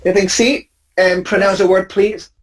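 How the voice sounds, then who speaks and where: A woman's voice: mid-range voice, fairly even intonation, moderate pace, low-quality recording. Patient woman coaching word stress. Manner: patient, corrective, models words by repetition. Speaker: English pronunciation teacher. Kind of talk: classroom pronunciation drill.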